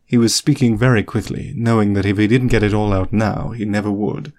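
A man narrating a story in an audiobook reading, with steady storytelling delivery. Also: on the low side, fairly quick.

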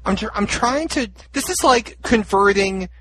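A man co-hosting a podcast, playful and tripping over his words with excitement. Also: high voice, unhurried, slight background noise, rough recording. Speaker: podcast co-host. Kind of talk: casual chat.

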